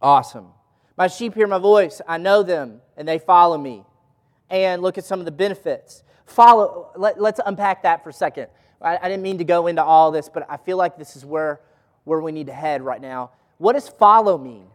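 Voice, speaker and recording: High-voiced pastor teaching in a hall. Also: male voice, moderate pace. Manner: asks the audience questions. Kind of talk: interactive Bible teaching.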